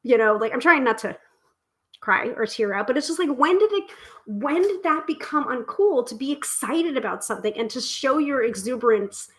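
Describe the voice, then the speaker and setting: A woman's voice: sits high, lively intonation, moderate pace, a bit bright, low-quality recording. Chatty, exuberant New woman streaming live. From United States. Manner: chatty and exuberant, with many fillers and restarts. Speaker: tarot reader and live stream host. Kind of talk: casual live stream chat.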